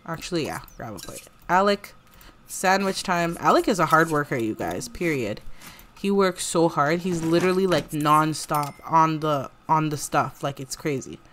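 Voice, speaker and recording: A woman's voice: deep voice, lively intonation, moderate pace, a bit bright, slight background noise. A young woman giving chatty, casual commentary while she plays a life-sim game, talking in a bubbly, filler-heavy way. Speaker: let's play creator.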